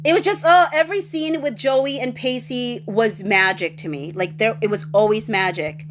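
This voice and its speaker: A woman hosting a livestream, reading viewer comments and rambling excitedly with many restarts. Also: on the high side, moderate pace, background noise. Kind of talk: casual chat.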